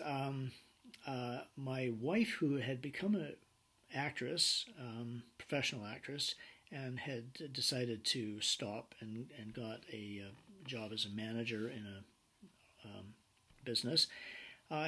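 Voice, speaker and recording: A man lecturing a business class with animated personal anecdotes, acting out what people said. His voice is husky and mid-pitched. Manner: animated storyteller acting out quoted dialogue. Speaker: business instructor.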